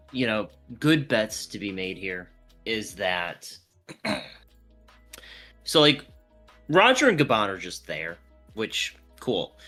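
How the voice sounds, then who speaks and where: Slow-talking man with a bright tone. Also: fairly low pitch. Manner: slow, hedging, thinking aloud. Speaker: podcast co-host. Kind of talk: casual chat.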